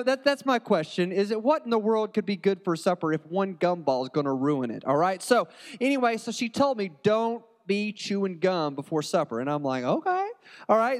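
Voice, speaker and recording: Pastor, male, high voice, loose comic storyteller, big echoey church. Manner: joking, conversational storytelling with many restarts. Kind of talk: storytelling sermon.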